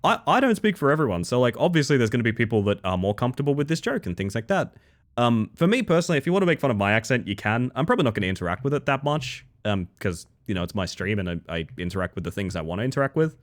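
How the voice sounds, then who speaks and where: A man's voice: mid-range voice, very animated, rapid-fire. A young Australian man chatting casually on a game stream, reading chat messages and rambling with restarts.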